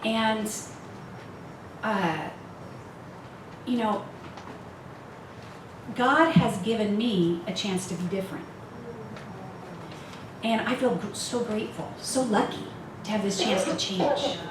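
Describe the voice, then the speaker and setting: Speaking frankly to a women's retreat, this woman in her fifties laughs a lot and jokes at her own expense. Her mid-range voice moves slowly, with frequent pauses. The recording, made in a retreat meeting room, is echoey, noisy and picked up from a distance.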